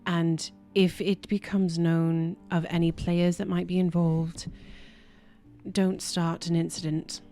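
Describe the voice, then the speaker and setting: Woman doing a calm noble lady ruler in a tabletop game, steady and a bit hushed, her voice sitting on the low side, with faint music in the background. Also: takes it slowly. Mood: earnest. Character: composed noble woman ruler giving orders.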